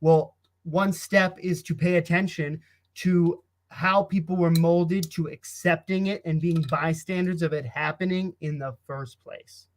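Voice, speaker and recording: A man's voice: a little high, steady tone, measured pace. A man co-hosting a casual political chat, thoughtful and hesitant, with many fillers. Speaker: co-host.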